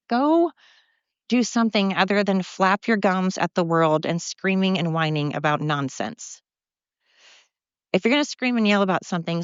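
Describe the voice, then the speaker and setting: A woman's voice: lowish voice, no room sound. Blunt ranting woman, dull dry audio. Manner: blunt, fired-up ranting with profanity and self-mocking asides. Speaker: podcast host. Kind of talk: solo rant podcast.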